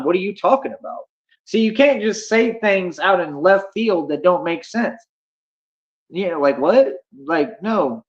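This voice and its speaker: A man's voice: sits high, dull audio. A man livestreaming, ranting boastfully at his chat, defiant and repetitive, calling listeners homie. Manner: brash, defiant, repeats himself and calls listeners homie.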